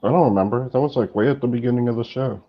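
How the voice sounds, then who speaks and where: A man co-hosting a live talk show, calmly correcting the others on details. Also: medium pitch, very fast, highs cut off. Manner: matter-of-fact, corrects others. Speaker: podcast co-host. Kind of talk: casual live-show chat.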